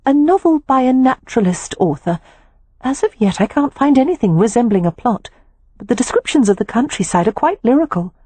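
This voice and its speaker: An eager young lady from an audiobook, chatty and a little bossy, her voice lifted well above the narration, as a woman reader puts her on. It swings up and down freely, with a husky edge and a dry, close sound. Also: a little high, very animated, fairly quick, no echo, pitched above the performer's own voice. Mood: chatty, curious. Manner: bright, eager, insistent. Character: lively, forthright young woman, warmly bossy.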